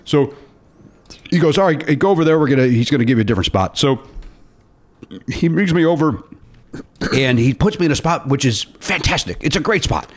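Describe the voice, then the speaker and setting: Man telling a lively anecdote. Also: on the high side, a little fast, long pauses. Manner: animated, acts out quoted voices in anecdotes. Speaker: podcast co-host. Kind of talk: casual chat, storytelling.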